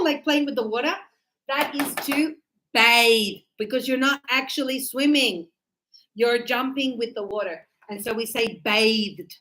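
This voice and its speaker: Slow, higher-voiced woman teaching a class. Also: poor audio. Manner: animated, acts out examples, checks understanding often. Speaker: English teacher. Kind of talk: classroom pronunciation lesson.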